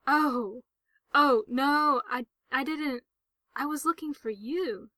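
A woman voicing a sickly, eager young boy in a storybook reading, speaking softly and earnestly. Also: a little high, fairly even intonation, measured pace, dry recording. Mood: flustered.

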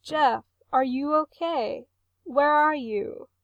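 A woman voicing a loving, worried mother who speaks softly and tenderly, in an audiobook reading. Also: high-pitched, measured pace, vocal fry, no echo, muffled recording, heavily acted. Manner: soft, tender, murmuring.

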